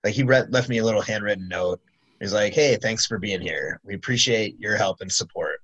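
A man hosts a casual interview in a fairly low voice. He talks in a relaxed, hesitant way and pauses often to find his words. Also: muffled recording. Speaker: podcast host.

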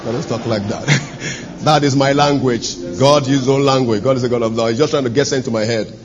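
A man preaching a sermon as pastor, swinging between loud, fervent preaching and low, intimate storytelling. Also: steady tone, fairly quick, muffled recording, crowd noise.

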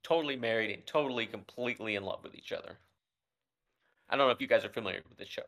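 A man co-hosting a podcast, chatting casually and telling animated stories with quick impressions. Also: mid-range voice. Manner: animated storytelling with voiced impressions. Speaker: podcast co-host. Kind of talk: casual chat.

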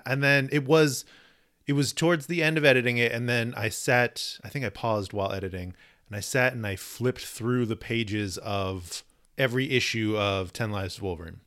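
A man's voice: medium pitch, fairly even intonation, moderate pace, fairly bright tone. A man co-hosting a podcast in casual chat, playful and rambling, often restarting his sentences. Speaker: podcast co-host.

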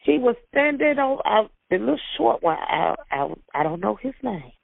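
A woman recounts events in a high, gravelly voice. She jumps up even higher when she acts out her own frantic pleading. The archive clip is dry and thin, like a phone line. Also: normal speed, dry recording. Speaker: interviewee recounting an arrest. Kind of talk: emotional first-hand account.

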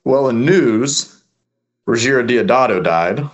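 A relaxed man co-hosts a casual podcast and keeps an easygoing tone. His voice is mid-pitched and unremarkable. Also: slow pace. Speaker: podcast co-host. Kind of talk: casual chat.

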